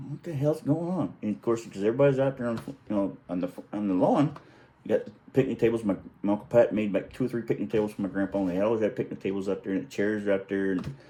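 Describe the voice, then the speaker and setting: A man's voice: lowish voice, fast, warm tone. A middle-aged man telling a casual story in a rambling way, chuckling and correcting himself as he goes.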